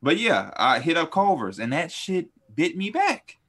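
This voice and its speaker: Young male podcast co-host, bright tone, lively profane storyteller. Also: unhurried, slightly rough. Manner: animated, profane, swings high when quoting people. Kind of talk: casual storytelling chat.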